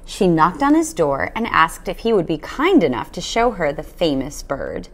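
A woman reading a children's novel aloud, with an expressive storytelling manner. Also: lowish voice, normal speed. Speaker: storybook reader.

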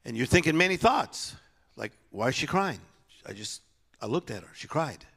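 A man preaching a sermon, swinging between loud exhortation and hushed, low-key storytelling, with soft piano music behind him. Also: sing-song, normal speed, gravelly, breathy edge.

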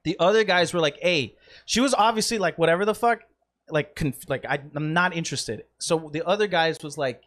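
High-voiced young man telling a rambling story. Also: brisk, a bit bright. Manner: rambling, profane anecdote-telling with laughs. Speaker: podcast co-host. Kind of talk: casual chat, storytelling.

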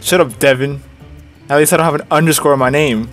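A man playing a shooter with friends, joking and yelling in fights. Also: fairly high pitch, fast. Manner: jokey, yelling during fights. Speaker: gamer. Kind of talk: casual gaming banter. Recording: voice chat with faint music.

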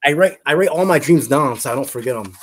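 A man's voice: on the high side, animated, fast talker, breathy edge. A man, a guest in an interview, telling an emotional faith testimony in an earnest, fervent way, often repeating words and restarting his sentences. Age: adult.

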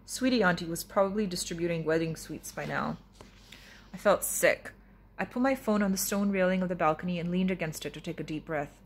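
A woman author reading her own novel in the first person, with expressive, wry narration. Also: lowish voice, brisk, a little hiss or hum.

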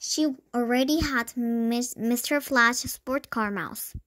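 A woman's voice: fairly high pitch, takes it slowly, fairly bright tone. A young woman reading a children's book aloud, often tripping over words and restarting them. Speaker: storybook reader.

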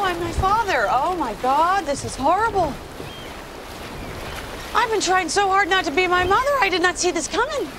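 An actress in her thirties playing a bossy young woman who teaches a friend to sail, coaxing him and then shouting in exasperation. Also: extremely high pitch. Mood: dismayed. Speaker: sitcom character. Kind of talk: sitcom acting. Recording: noisy TV soundtrack with studio laughter.

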